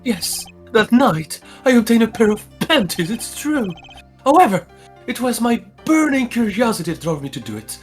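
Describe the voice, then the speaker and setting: A woman's voice: on the high side, sing-song, normal speed, faint music behind. Woman putting on a posh male magician. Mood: haughty. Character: pompous male magician suspect, theatrical. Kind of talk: fan voice acting over a game.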